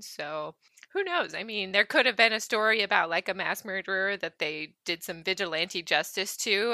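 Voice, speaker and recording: A woman's voice: on the low side, creaky, bright, forceful tone, no echo. A woman from California co-hosting a podcast, chatting casually, playful and often laughing. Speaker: podcast co-host. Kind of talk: casual chat.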